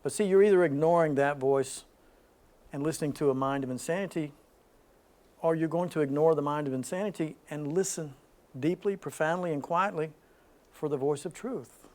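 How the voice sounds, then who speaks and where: A man leading a small spiritual gathering, moving between loud emphatic lines and soft hushed ones, with frequent laughs. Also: a little high, normal speed. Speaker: spiritual group leader. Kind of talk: spiritual talk to a small group.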